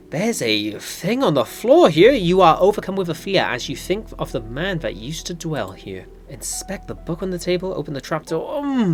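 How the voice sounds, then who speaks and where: A woman gaming YouTuber reading a horror text adventure aloud and chatting about her choices. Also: deep voice. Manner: chatty, quick reactions, reads game text in a hushed tone.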